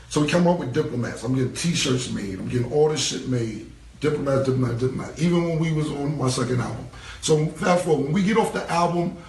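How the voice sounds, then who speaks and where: A man's voice: fairly high pitch, slight background noise. A man telling a long story in a casual interview, acting out what people said along the way. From New York. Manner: rambling, acts out quoted dialogue. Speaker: interview guest. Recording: roomy, distant-mic recording.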